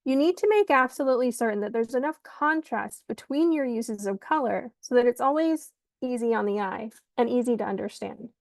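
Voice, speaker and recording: Woman, presentation coach, instructive, emphatic, higher pitch, dry close sound. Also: lively intonation, fairly quick, hardly any pauses, dry recording. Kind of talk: online presentation lesson. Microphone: video call.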